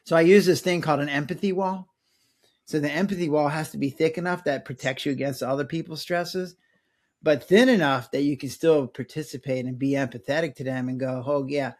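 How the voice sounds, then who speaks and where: A middle-aged man, a former doctor, talking casually in an interview and acting out quick bits of dialogue. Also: on the high side. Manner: animated, acts out patients' and his own lines in voices. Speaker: guest, former physician.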